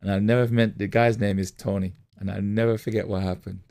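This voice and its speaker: Deep gravelly-voiced male pastor. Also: steady tone, fairly quick, darkish tone. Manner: storytelling, repeats phrases, acts out quoted voices. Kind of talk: motivational sermon talk.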